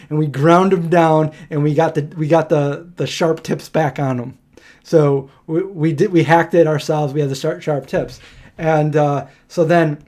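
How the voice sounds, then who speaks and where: A man, hosting a live stream and telling a rambling story, laughing as he goes. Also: a little high. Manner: rambling and animated, laughing through his stories.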